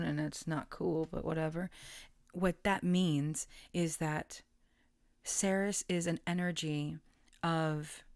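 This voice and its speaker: A woman giving a casual collective tarot reading, gentle and halting with many fillers, sometimes dropping into soft whispers. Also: sits low, no room sound, clean studio sound. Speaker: tarot reader.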